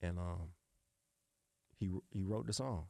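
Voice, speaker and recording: A middle-aged man, a music producer being interviewed, telling stories in a relaxed, salty way and often adding "you know what I'm saying". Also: deep voice, slow pace, vocal fry, no room sound, studio quality. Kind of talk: casual interview storytelling.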